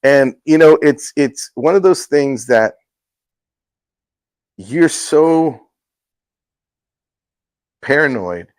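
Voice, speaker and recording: Fields: Sex: man. Role: talk show host. Style: casual testimony chat. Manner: earnest, halting, acts out quotes. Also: a little high, no room sound, rough recording. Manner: earnest, halting storytelling with restarts.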